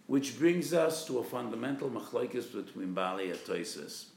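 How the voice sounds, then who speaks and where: A man, a rabbi, giving a spirited lecture on religious law, hitting key terms with loud emphasis and acting out quoted speakers. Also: medium pitch, animated, normal speed, creaky, echoey room. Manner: acts out patients and doctors in quoted voices.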